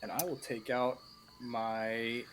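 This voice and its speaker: A man's voice: mid-range voice, level tone, slow, a bit bright, slight background noise. A man playing a tabletop game, counting out moves and swearing at his dice rolls in a laid-back way. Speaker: player. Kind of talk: casual tabletop play.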